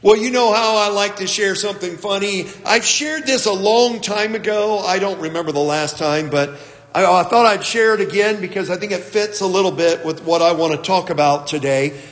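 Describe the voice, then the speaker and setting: High-voiced pastor in an echoey hall. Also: male voice. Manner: unhurried storytelling with fillers and restarts. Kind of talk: sermon.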